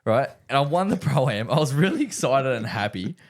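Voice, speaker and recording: A young Australian man hosts a casual podcast, telling stories with a lively voice that swings up and down. He talks at a middle pitch, laughs as he talks and swears freely. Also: normal speed. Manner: animated storyteller, swears freely, laughs through his lines. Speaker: podcast host. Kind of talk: casual chat.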